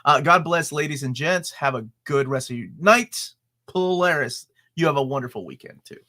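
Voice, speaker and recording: Bright-voiced male comics show co-host. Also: a little high, normal speed. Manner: relaxed, enthusiastic, reads sponsor spots. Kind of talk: casual live-stream chat.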